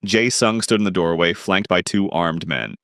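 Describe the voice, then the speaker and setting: A man's voice: low voice, moderate pace, fairly bright tone, no echo, clean studio sound. A man narrating a dramatic crime romance story.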